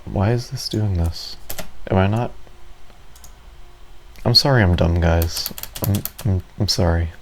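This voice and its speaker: A man's voice: deep voice, slow pace, pauses often, a little hiss or hum. A man giving casual, rambling commentary over his own gameplay, self-deprecating and full of fillers. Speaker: gaming video creator.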